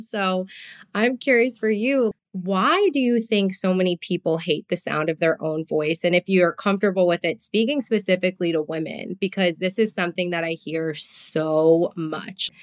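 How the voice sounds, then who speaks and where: A woman with a New Jersey accent hosts a casual podcast conversation. She talks openly and expressively, with her voice sitting a little on the low side. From US East Coast. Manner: expressive, heartfelt, frequent "like" fillers. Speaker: podcast host.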